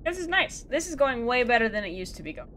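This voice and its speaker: A woman's voice: a little high, very animated, quick pace, fairly bright tone, a little hiss or hum. A woman giving casual, self-mocking commentary as she plays a video game, talking to herself, laughing and groaning at the game. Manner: exasperated sighs and outbursts at the game. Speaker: let's play gamer.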